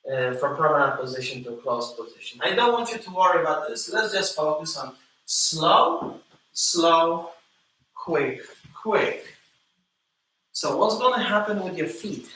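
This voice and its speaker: Echoey dance teacher counting beats. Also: male voice, on the high side, animated, unhurried, bright, forceful tone. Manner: counts beats aloud, coaxing and encouraging. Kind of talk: live online dance class. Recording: echoey room, from a distance.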